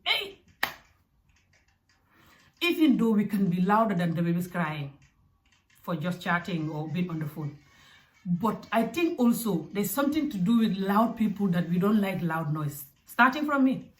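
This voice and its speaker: A young adult woman from Africa giving parenting advice in a casual, direct, animated way. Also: on the low side, moderate pace. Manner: animated and direct, with acted asides. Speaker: parenting vlogger. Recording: echoey room.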